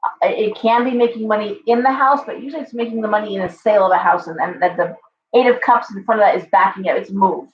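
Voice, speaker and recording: A woman's voice: medium pitch, fast, slight background noise. A woman hosting a live-stream tarot reading, chatty and reassuring, talking straight to her viewers while she is losing her voice. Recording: roomy, slightly dull live-stream audio.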